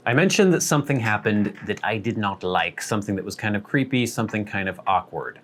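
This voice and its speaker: A man's voice: lowish voice, lively intonation, a little fast, fairly bright tone, slight background noise. A man hosting his vlog, telling a rambling, wry, self-deprecating story in a casual way. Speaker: vlog host.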